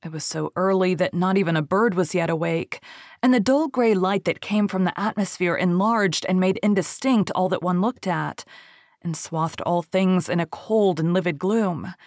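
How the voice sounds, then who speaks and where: A woman narrating a storybook in a measured, literary way. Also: on the low side, darkish tone, no room sound, studio quality. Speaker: reader.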